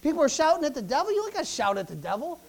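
A preacher delivering a fervent sermon, swinging from quiet asides to loud exhortation, with frequent calls of hallelujah and praise. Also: high-pitched, big pitch swings, very fast, vocal fry.

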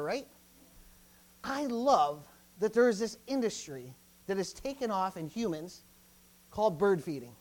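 A preacher in full sermon mode, swinging from loud, urgent exhortation down to quiet, conversational asides. The delivery leans on repetition and keeps asking the congregation questions. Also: mid-range voice. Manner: repeats phrases, asks the congregation questions.

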